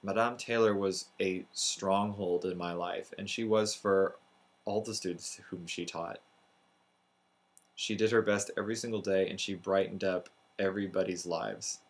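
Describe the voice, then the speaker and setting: Male storyteller from Texas, deeper voice, sincere and reflective first-person delivery. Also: fairly even intonation, a little slow, poor audio. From Texas, USA.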